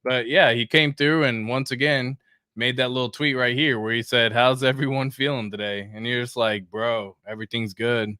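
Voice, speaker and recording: An excitable young man chats through a casual livestream, full of slang and shout-outs to viewers by name. His voice sits in an ordinary middle register. The sound is dry and close, with no room echo. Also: mid-range voice, moderate pace, clear, resonant tone. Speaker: crypto livestream host.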